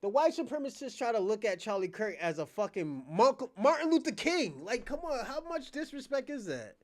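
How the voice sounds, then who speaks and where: A man's voice: extremely high pitch, very animated, moderate pace. A man hosting his own channel, ranting at his chat in a profane, combative, mocking way. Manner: mocking, laughs between jabs. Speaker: channel host. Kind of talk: livestream rant.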